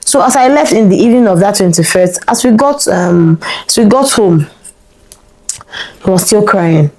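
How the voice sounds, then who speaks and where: Animated woman telling a story. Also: mid-range voice, moderate pace, low-quality recording. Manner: animated, exclamatory retelling with rhetorical questions. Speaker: vlogger. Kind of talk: personal storytelling to camera.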